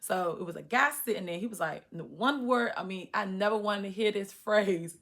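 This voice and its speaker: A woman in her thirties telling a personal story to the camera, animated and acting out her own past reactions. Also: mid-range voice, normal speed. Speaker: vlogger. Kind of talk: storytime monologue.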